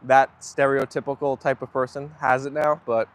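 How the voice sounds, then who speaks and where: Chatting in a mid-range voice at a normal speed, a young livestream host responds to viewer comments as they arrive. He keeps things relaxed and talkative, often agreeing with what his viewers say.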